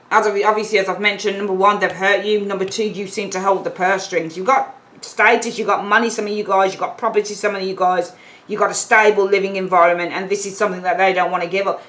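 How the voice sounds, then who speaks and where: Woman, tarot reader, casual emphatic delivery, average pitch. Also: a bit bright, low-quality recording. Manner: chatty, emphatic, repeats points, acts out little quoted exchanges. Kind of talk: casual tarot reading to camera.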